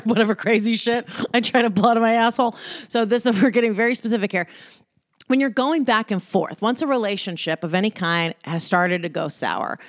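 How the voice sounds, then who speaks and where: A woman hosting a show, giving casual, blunt advice with plenty of swearing and an animated delivery. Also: mid-range voice, dry recording, studio quality. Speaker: podcast host.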